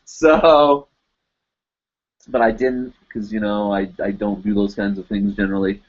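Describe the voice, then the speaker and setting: A man with a fairly low voice hosts a live chat show, moving at a moderate pace and pausing often. He tells a long story casually, rambling and filling it with "you know" and "like." The recording is dull lo-fi livestream audio.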